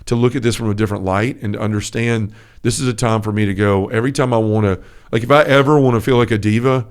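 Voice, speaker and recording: Earnest guy on a faith podcast, smooth clear voice, rambles with fillers. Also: fairly low pitch, steady tone, fast. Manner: earnest, storytelling with lots of fillers. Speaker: podcast co-host. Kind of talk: casual faith chat.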